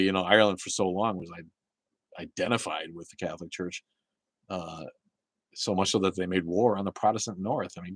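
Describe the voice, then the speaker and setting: A man hosting a casual live talk show, rambling and swearing, with many halting restarts as he answers viewer chat. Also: deep voice, no echo, poor audio.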